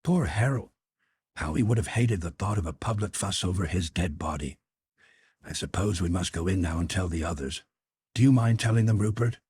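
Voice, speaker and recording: Composed, gentle woman, low and husky, read by a male narrator, steady persuasion. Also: moderate pace, dry recording, clean studio sound. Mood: calm, persuasive. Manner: gentle, reasonable, soothing.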